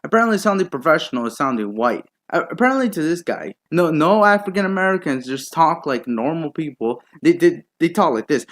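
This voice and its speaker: A man's voice: a little high, lively intonation, fairly quick, few pauses, fairly bright tone. A man commentating a video he disagrees with, in a sarcastic, profane and incredulous rant. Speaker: YouTube commentator. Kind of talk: reaction rant.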